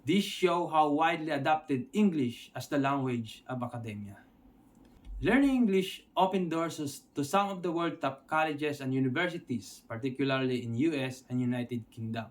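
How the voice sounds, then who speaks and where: Filipino man teaching English, checking in often. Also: a little high. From Philippines. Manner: explains step by step, checks in with "Okay?". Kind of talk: instructional video lesson.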